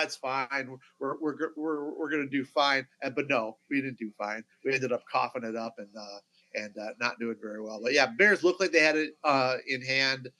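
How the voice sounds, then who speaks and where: A middle-aged man co-hosting a sports podcast, talking casually and haltingly with many fillers and restarts. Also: medium pitch, sharp tone, poor audio. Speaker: podcast co-host.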